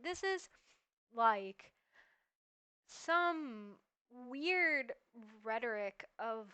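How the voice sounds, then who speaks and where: A woman streamer chatting casually in reaction to a video, rambling and animated with lots of "like". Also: sits high, smooth. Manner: rambling and animated, heavy use of "like".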